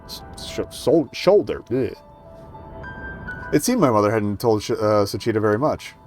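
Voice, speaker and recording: A man's voice: on the low side, expressive, moderate pace, a little mellow, soft background music. A man reading a story game's dialogue and narration aloud, stumbling and correcting himself now and then. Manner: reads plainly, small stumbles and self-corrections. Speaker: streamer reading a game demo aloud.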